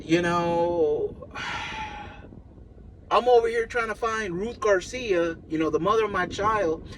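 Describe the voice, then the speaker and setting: A man in his thirties rambles through a personal vlog in a fairly high voice, venting, stumbling over his words and apologizing. He talks slowly and unhurriedly. A steady noisy hum sits behind him. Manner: halting, repetitive, venting and apologetic. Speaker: vlogger.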